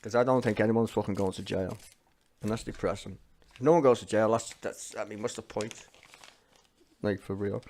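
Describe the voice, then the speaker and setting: Pausing often at a moderate pace, a man with a lowish, darkish voice and a Liverpool accent swears bluntly as he reacts to parliament. He's a streamer delivering an angry, sweary rant.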